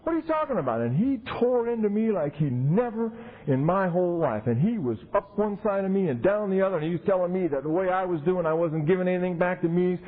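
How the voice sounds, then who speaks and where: A man speaking at a recovery convention, telling his story in an animated way and acting out the people he quotes. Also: high-pitched, fairly quick. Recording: tinny 1990s tape recording.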